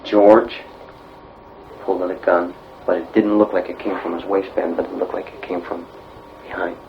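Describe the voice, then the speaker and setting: A man's voice: deep voice, level tone, normal speed, creaky, noisy background. A man giving terse answers in an archived police interview. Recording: dull lo-fi archive tape.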